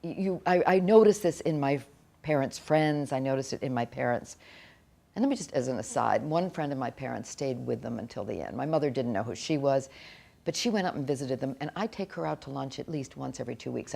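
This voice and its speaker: A middle-aged woman giving an earnest, halting personal account in an interview, often restarting her sentences. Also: extremely low pitch, creaky, dark tone. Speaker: author interviewee.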